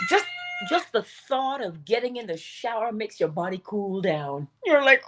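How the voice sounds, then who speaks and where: A woman hosting an inspirational morning livestream, talking in an animated, emphatic way and laughing often. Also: mid-range voice, moderate pace. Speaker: host.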